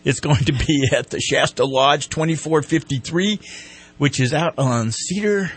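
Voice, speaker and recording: A man's voice: a little high, unhurried, husky. A man co-hosting a local radio show, chatty and jokey as he reads community announcements. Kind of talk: casual radio chat. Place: radio studio.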